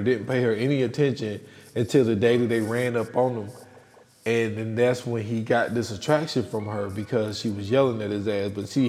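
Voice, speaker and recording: A man hosting a podcast, casually retelling film scenes in a loose, animated way and acting out the quotes. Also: mid-range voice. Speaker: podcast host. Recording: long reverb with faint music.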